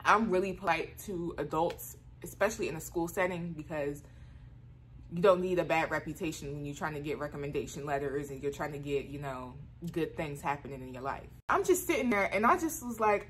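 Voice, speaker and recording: A woman's voice: brisk, husky. Woman, casual storytime vlog, chatty, filler-heavy, mid-range voice. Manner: animated, leaps to high squeals when exclaiming; frequent "like" fillers.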